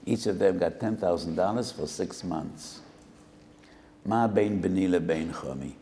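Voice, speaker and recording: A man's voice: sits low, measured pace, mellow, slight background noise. An older man, a rabbi, giving a sermon, telling a parable with Hebrew phrases and acting out both sides of a dialogue. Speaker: rabbi giving a Torah lecture. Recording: roomy hall with long reverb.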